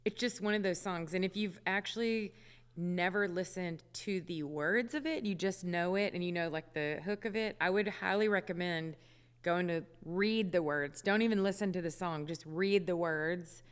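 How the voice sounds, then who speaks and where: A woman's voice: lowish voice, moderate pace, clear, resonant tone, long reverb tail. A woman singer chatting as a radio interview guest, with many fillers and laughs, in a studio. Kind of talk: casual radio interview chat.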